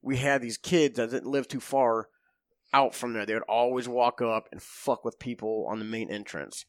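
A man's voice: medium pitch, fairly even intonation, normal speed, no echo. A man casually telling military stories, profane and laughing as he acts out what people said. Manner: profane, laughing storyteller who acts out quotes. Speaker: podcast guest, former Marine. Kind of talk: casual storytelling chat.

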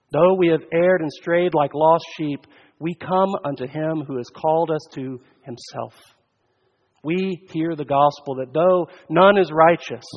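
Male pastor, slow earnest sermon delivery, dull recording with long sanctuary reverb. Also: fairly high pitch. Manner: slow, earnest preaching that swells loud and drops to near-quiet.

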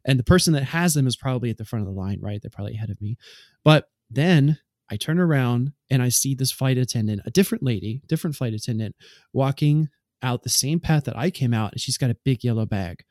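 A man's voice: mid-range voice, animated, fast talker, darkish tone, dry recording, clean studio sound. A man co-hosting a podcast, telling a long anecdote in casual chat with many fillers. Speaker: podcast co-host.

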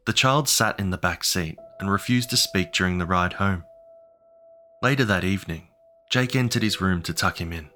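Male horror narrator, deep, measured storytelling over a music bed. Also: pushed and bright.

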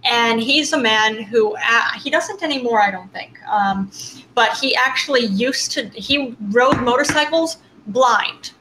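A woman's voice: a little high, unhurried, pushed and bright, slight background noise, poor audio. A woman in casual chat, talking in an enthusiastic, chatty way.

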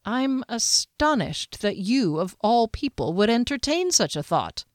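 A woman's voice: medium pitch, expressive, fairly quick, dry recording, studio quality, natural voice. A woman voicing blunt, spirited young warrior woman. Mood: astonished. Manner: blunt and exasperated.

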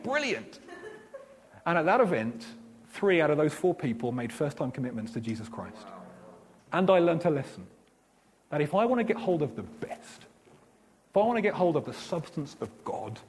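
A man's voice: a little high, brisk, slight background noise. A man preaching a sermon, telling stories and acting out the dialogue. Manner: animated storytelling, acts out dialogue.

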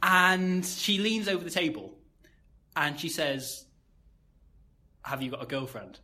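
A man's voice: a little high, expressive, unhurried, pushed and bright. A young man telling a long anecdote in casual chat, wry and self-mocking, with many fillers. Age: young adult. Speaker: podcast co-host telling a story.

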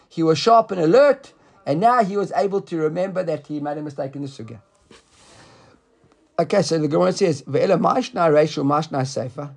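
This Talmud teacher's voice sits slightly higher and has a creaky quality. In a study class, he explains the text with lively animation, slips into the rabbis' words to act them out, and quizzes a student as he proceeds.

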